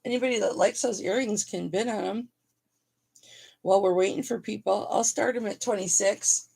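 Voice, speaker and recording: A woman hosting a casual live selling stream, hoarse and raspy, chatty and a bit raunchy as she reads off names. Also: mid-range voice, normal speed, mellow, poor audio. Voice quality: raspy throat. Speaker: live-sale host.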